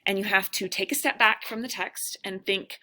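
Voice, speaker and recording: A woman's voice: mid-range voice, steady tone, moderate pace, bright, forceful tone. A woman instructor giving a casual recorded lecture, thinking aloud with lots of fillers and self-deprecating asides. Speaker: writing instructor.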